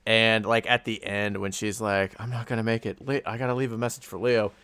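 A man casually talking through a movie's plot, animated and quoting the characters as he retells scenes. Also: lowish voice, a little fast, smooth, dry recording. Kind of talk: casual movie review chat.

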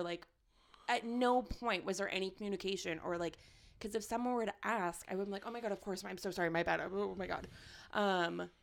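A woman in casual chat who fills her sentences with "like" and laughs easily. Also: mid-range voice. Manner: chatty, leans on "like", quick to laugh.

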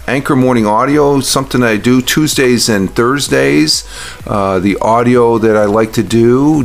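A man with a lowish, gravelly voice hosts a casual morning audio show from home. He rambles through ums and restarts, and gets blunt and mocking when he vents. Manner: rambling, many fillers and restarts. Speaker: podcast host.

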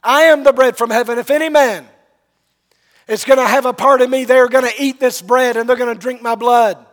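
A man voicing Jesus as a bold teacher who loudly proclaims himself to the crowd. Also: very high-pitched, fairly even intonation, brisk, big-room sound, pitched above the performer's own voice. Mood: proclaiming. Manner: loud, proclaiming.

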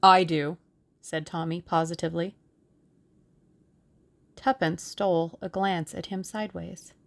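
A woman narrating a novel aloud as an audiobook reader, in a steady, unhurried storytelling manner. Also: on the low side, creaky. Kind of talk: scripted narration.

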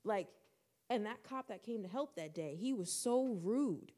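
A young woman co-hosting a podcast, telling a personal story in casual chat and acting out the dialogue with lively shifts. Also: mid-range voice, measured pace. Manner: animated, acts out quoted dialogue. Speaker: podcast co-host.

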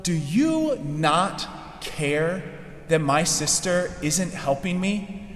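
A man voicing a harried, bitter woman host who accuses her guest, fretful and quick, in an echoey hall. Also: on the high side, animated. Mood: resentful. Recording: echoey hall with long reverb.

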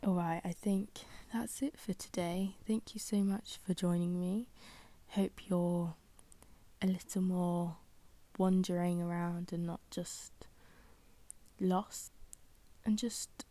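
A young woman hosts a solo podcast, chatting casually and rambling with lots of filler words and self-deprecating asides. Her voice is lowish and mellow, her delivery flat, and she takes her time.

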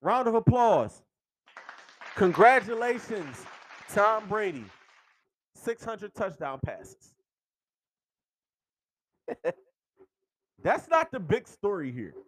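Very high-voiced, animated male podcast host. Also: slow, long pauses, breathy edge, dry recording. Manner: excitable, swearing, laughing while talking. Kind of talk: animated sports rant.

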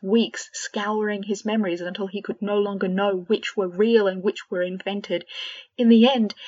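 A woman narrating a fan fiction audiobook in a steady, measured way. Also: medium pitch, slightly rough. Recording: dull lo-fi recording.

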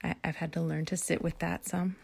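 A woman with a lowish voice and a gravelly, fry-tinged edge gives a reflective devotional talk. She speaks softly and thoughtfully, pausing on fillers and correcting herself, and often sinks to a near-whisper. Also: level tone. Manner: reflective, soft-spoken, with hesitant fillers and self-corrections; drops to near-whispers at times.

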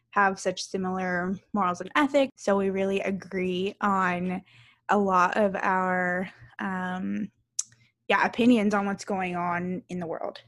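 A woman in her thirties co-hosting a podcast, telling a story in casual chat, animated and laughing, swearing freely. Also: medium pitch. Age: 30s. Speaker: podcast co-host.

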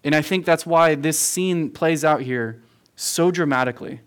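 A man's voice: a little high, normal speed, smooth. A man preaching a verse-by-verse sermon as a youth pastor, earnest and emphatic, repeating phrases for stress and calling his listeners "guys". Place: room with a youth audience.

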